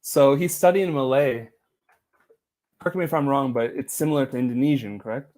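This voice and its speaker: A man hosting a live-streamed podcast, chatty and quick to laugh as he talks to his guest and viewers. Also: mid-range voice, a little mellow. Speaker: podcast host. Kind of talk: live-streamed casual interview.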